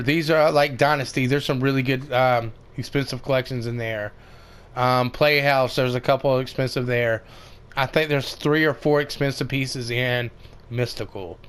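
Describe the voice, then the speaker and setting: A man's voice: mid-range voice, a bit bright, clean tone. A man giving casual, rambling commentary over a game tutorial, with many fillers and restarts. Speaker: gaming video creator.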